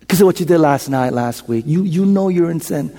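A male pastor preaching a sermon in a church. He repeats lines, questions the congregation, and swings from loud declarations to hushed whispers. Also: a little high, expressive, a little fast. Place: church sanctuary. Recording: long hall reverb.

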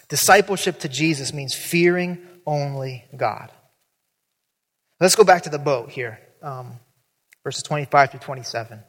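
A man preaching a sermon as pastor, animated, acting out the voices in the story with big jumps in pitch. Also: long reverb tail.

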